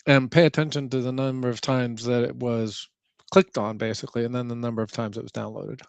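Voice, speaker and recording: A man's voice: medium pitch, level tone, fairly quick, gravelly, clean tone, no room sound. A man co-hosting a podcast, explaining things conversationally, step by step. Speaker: podcast co-host. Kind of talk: casual chat.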